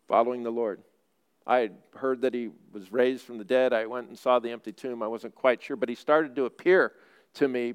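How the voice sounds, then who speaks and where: A priest playing remorseful Peter. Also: male voice, medium pitch, clean tone, natural voice. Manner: earnest first-person confession. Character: the apostle Peter, remorseful middle-aged fisherman.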